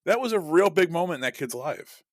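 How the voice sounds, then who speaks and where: A man's voice: a little high, expressive, brisk, dry recording. A man hosting a podcast, telling a story in a rambling, profane, casual chat. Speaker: podcast host.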